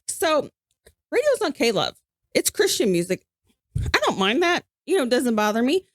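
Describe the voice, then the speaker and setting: A woman, co-hosting a podcast and telling a story in casual chat, animated and acting out what people said. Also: high voice, moderate pace, no room sound, clean studio sound. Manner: animated, acts out quoted voices. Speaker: podcast co-host.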